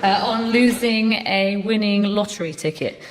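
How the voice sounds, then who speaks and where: A woman's voice: mid-range voice, moderate pace, heavy background noise. A woman on a comedy panel, telling jokes and reciting comic verse in a bubbly way. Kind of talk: joke telling. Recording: long hall reverb.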